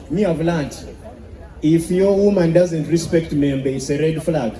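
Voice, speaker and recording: Ugandan guy doing stand-up, animated storytelling, dark sound, echoey hall. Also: fairly high pitch, a little slow. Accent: Ugandan English. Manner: animated storytelling with sung bits. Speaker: stand-up comedian. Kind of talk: stand-up comedy.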